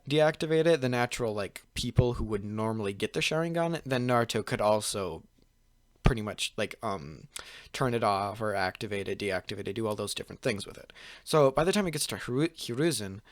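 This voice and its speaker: A man's voice: medium pitch, brisk, no echo. A young man hosting his channel, casually retelling a fan-fiction story in a rambling way, leaning on fillers and restarting his sentences. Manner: rambling, full of "pretty much" and "like", frequent restarts. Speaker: channel host.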